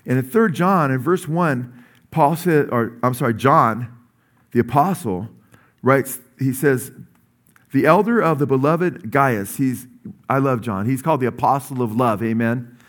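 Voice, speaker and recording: A middle-aged male pastor giving a sermon in a conversational style, often asking "amen?" and rising in pitch and energy when he urges his listeners. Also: measured pace. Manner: conversational, with many asides and "amen?" checks; rises in pitch and energy when urging the congregation.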